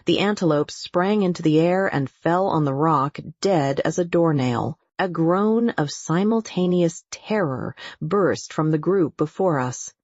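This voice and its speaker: A woman reads an adventure audiobook in a low, husky voice, steady and deliberate. The recording is dry and close, with a slightly dull, muffled tone. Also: no room sound. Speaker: audiobook narrator. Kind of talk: scripted audiobook narration.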